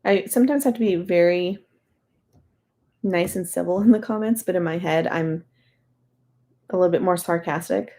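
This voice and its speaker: A woman's voice: lowish voice, moderate pace, long pauses, mellow. A young adult woman chatting casually while she works on a jigsaw puzzle, amused, and now and then talking to the pieces. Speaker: puzzle video host.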